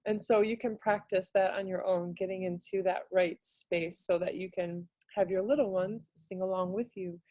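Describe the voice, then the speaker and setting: On a video call, a woman gives a casual webinar as a music teaching artist, her talk hesitant and packed with fillers. Her voice is warm and fairly even in intonation, at normal speed with hardly any pauses and no echo, and now and then she bursts into high singing demonstrations.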